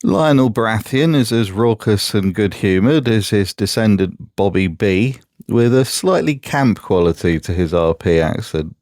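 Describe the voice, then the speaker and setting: A man's voice: lowish voice, animated, a little slow, few pauses, a little mellow, no echo. A man from Britain reading a scripted voice-over commentary in a sardonic, mocking manner, recorded on a close mic. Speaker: YouTube commentator.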